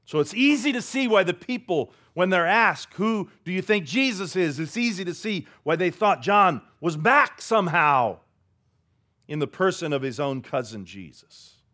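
A man preaching a sermon, swinging between loud declarations and hushed asides. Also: sits high, big pitch swings, normal speed. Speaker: pastor.

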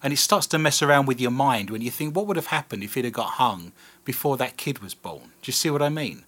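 A man's voice: mid-range voice, quick pace. A British man hosting a casual radio chat, telling stories with self-mocking humour. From Britain. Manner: animated, self-mocking storyteller. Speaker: podcast host.

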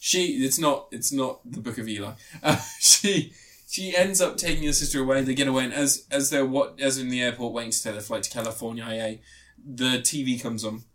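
A man chatting casually, retelling a film plot in a rambling, giggly way and slipping into quick character voices. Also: mid-range voice, fairly even intonation, a bit bright.

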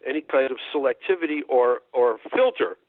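A man, a folklorist, talking thoughtfully in a radio interview, often pausing and restarting. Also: medium pitch, lively intonation, no echo. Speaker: folklorist guest. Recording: dry tinny phone line.

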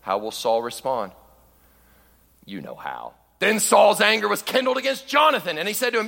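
A male preacher delivering a sermon with a bright, forceful voice. He voices the scripture quotes loudly and then drops into low, wry asides. A long reverb trails after his words, as if he is speaking in a large hall. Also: very animated, normal speed, gravelly.

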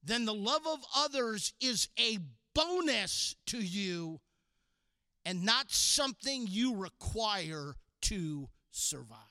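High bright-voiced man preaching to youth. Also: takes it slowly, dry recording, clean studio sound. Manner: playful, sarcastic asides and animated acted-out quotes. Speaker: youth pastor. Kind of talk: sermon to a youth audience.

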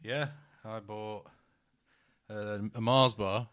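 A man, co-hosting a casual podcast, playful and quick to laugh. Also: lowish voice, fairly even intonation, a bit bright, clear, resonant tone. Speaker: podcast co-host. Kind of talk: casual chat.

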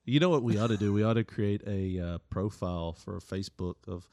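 A man's voice: on the low side, fairly quick, a little mellow, dry recording, clean studio sound. Laughing male podcast storyteller. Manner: storytelling, acts out voices, laughs often. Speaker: podcast co-host. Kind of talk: casual podcast chat.

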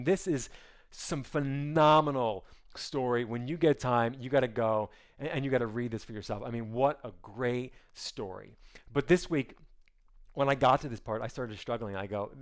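Lively man preaching a story sermon. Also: mid-range voice. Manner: acts out the characters' lines in quick voices; animated and conversational, with many asides. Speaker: pastor.

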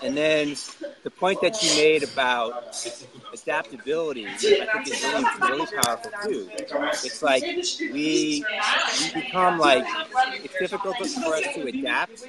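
A man hosting a podcast, reflecting in an earnest, philosophizing and somewhat halting way. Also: medium pitch. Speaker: podcast host. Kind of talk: reflective casual conversation.

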